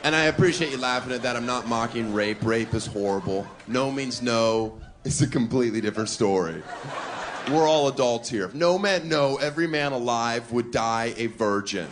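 On a club stage, a man with a mid-range voice delivers provocative live stand-up at a normal speed, tossing in mock-defensive asides. Loud crowd noise fills the live recording.

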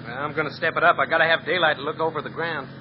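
A man's voice: a little high, steady tone, very fast, slight background noise, lightly acted. An actor playing a nervous male stunt driver with a folksy drawl in a 1950s radio drama. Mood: uneasy. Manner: folksy drawl, plain country speech. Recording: dull lo-fi old radio recording.

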